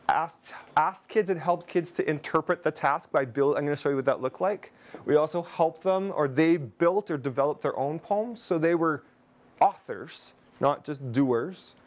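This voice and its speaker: A man's voice: on the high side, darkish tone. A man from Canada leading a teacher webinar on a video call, chatty, with jokey asides to his audience. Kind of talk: webinar presentation.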